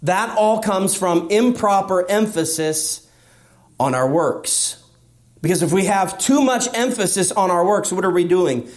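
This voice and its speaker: Man, high voice, sermon, emphatic, rhetorical questions. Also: lively intonation, unhurried. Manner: acts out a believer's inner voice. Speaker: pastor.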